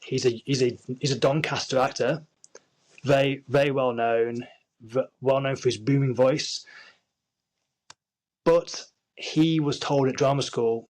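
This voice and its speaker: A man's voice: mid-range voice, steady tone, measured pace, pauses often, a little mellow, poor audio. A young man from Yorkshire with a Yorkshire accent, a guest actor in a casual interview, talking at length with many restarts and fillers. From Yorkshire, England. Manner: rambling, frequent restarts and fillers.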